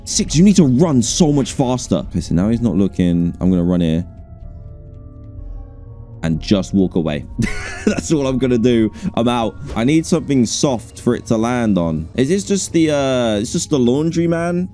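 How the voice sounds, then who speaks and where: A man giving live gameplay commentary as a gaming streamer, excitable and jumpy, with frequent laughter. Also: medium pitch, normal speed, faint music behind.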